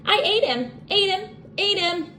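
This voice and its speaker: Storybook toddler boy, impish and giggly, voiced by a female reader; high, sing-song baby talk. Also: very animated, slow, slight background noise, full character voice. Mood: gleeful babbling. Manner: babyish broken speech, sing-song chanting.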